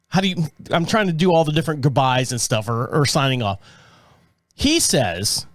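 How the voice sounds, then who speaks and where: A very animated man with a high-pitched voice hosts a podcast in a studio with several cameras, speaking at normal speed. His casual chat rambles chattily from one aside to the next with plenty of jokes. The sound is dry and close, with no echo or room sound.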